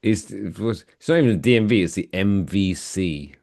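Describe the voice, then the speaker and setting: Low-voiced English man in his forties. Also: moderate pace, gravelly, no echo, clean studio sound. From England. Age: 40s. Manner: profane, animated storytelling. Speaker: podcast co-host. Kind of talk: casual chat.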